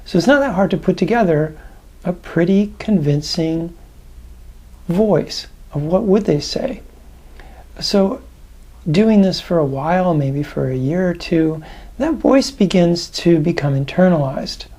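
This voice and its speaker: A man, a tapping practitioner and coach, giving conversational, reflective advice to the camera with thoughtful pauses. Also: sits high, expressive, mellow.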